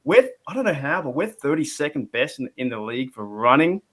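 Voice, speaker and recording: A man's voice: medium pitch, big pitch swings, fairly quick, a bit bright. A man with an Australian accent calling in to a sports show, talking animatedly with frequent restarts. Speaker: caller. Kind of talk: casual sports call-in chat.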